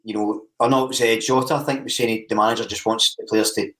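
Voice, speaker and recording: Animated man in a roomy echo. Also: on the low side, quick pace. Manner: animated, rambling ideas. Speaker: podcast co-host. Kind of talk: casual chat.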